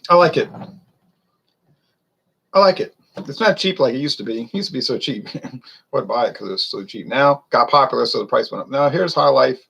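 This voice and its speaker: A man's voice: mid-range voice, animated, normal speed, creaky, long pauses, fairly bright tone, husky, low-quality recording. A man, chatting loosely and rambling through a casual beer review. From Louisiana. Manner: rambling, chatty, wanders off topic.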